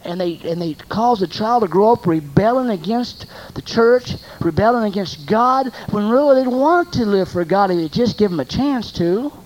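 A preacher with a mellow, warm tone gives a sermon. The delivery leans on rhetorical questions and repeated phrases, and swings between loud emphatic lines and quiet asides. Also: mid-range voice, lively intonation, moderate pace, few pauses, low-quality recording.

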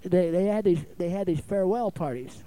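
A man's voice: sits high, brisk, warm tone, low-quality recording. A man preaching a sermon in a folksy way, often calling out for an amen. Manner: folksy, calls for amens, acts out little dialogues.

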